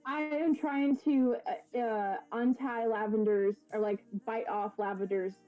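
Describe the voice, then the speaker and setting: A woman's voice: a little high, fairly even intonation, a little slow, narrow, tinny audio, faint music behind. A woman playing in a tabletop game, describing her moves in a hesitant, casual way. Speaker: player. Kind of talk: casual chat.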